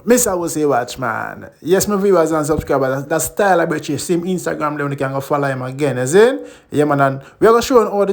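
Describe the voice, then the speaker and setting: A man's voice: on the high side, vocal fry. A man with a Jamaican accent hosting a reaction vlog, chatting in patois and laughing often. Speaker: host.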